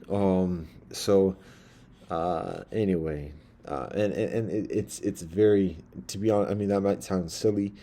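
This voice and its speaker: A man's voice: deep voice, normal speed, mellow. A man telling a personal story in a casual, rambling monologue with many asides. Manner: rambling, loose, full of fillers and asides.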